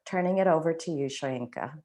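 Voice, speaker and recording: Low-voiced woman moderating an online event. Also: fairly quick, warm tone. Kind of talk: introducing a speaker at an online event.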